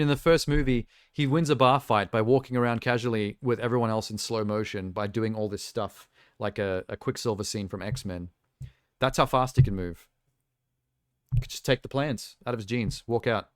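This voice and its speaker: A man hosting a casual live stream, talking through his reactions and ranting with frustrated critique. His voice is smooth and sits fairly low. It sounds close and dry. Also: dry recording.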